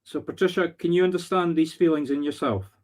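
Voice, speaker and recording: A man's voice: fairly high pitch, darkish tone. Scottish man giving earnest medium readings. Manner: earnest, halting, searching for words. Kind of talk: live-streamed spirit readings. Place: home live stream.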